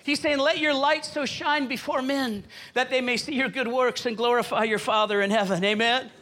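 A man's voice: very high-pitched, steady tone, moderate pace, bright, forceful tone. A middle-aged man preaching a sermon as pastor, fervent and rhythmic, repeating phrases and calling out to the congregation.

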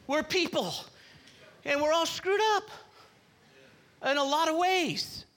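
Speaking slowly, a male preacher delivers a sermon in church with a high, bright, powerful voice. He emphasizes his points strongly and repeatedly invites the congregation to respond.

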